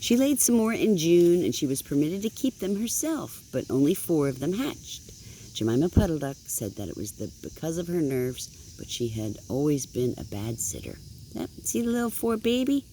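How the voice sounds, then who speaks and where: An older grandmother reads a picture book aloud at home, gentle and affectionate, stopping now and then to point at the pictures. Her voice is mellow and warm-toned, with a faint hiss of background noise. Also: low voice, sing-song, normal speed.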